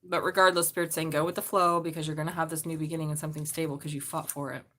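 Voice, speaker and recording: A woman giving a live tarot reading, chatty and excitable, swearing casually and talking straight to her viewers. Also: sits low, racing. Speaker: tarot reader.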